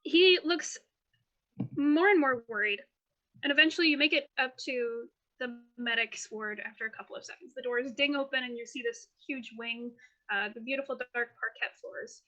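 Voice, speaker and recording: A woman running a tabletop game, describing scenes in a lively, quick way full of fillers. Her voice sits high and sounds bright. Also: muffled recording. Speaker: game master.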